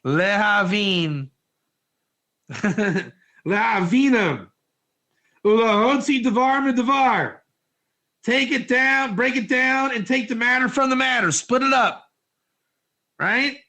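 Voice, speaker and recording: A man giving an informal Torah class, energetic and joking, putting questions to his listeners in a classroom. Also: extremely high pitch, a little slow. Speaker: Torah teacher.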